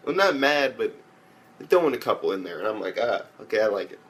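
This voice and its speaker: Young man, anime reviewer, casual rambling recap, heavy swearing, mid-pitched voice, jumps into loud character impressions. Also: lively intonation, fast. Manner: rambling, loose, swears a lot, mimics characters in raised voices.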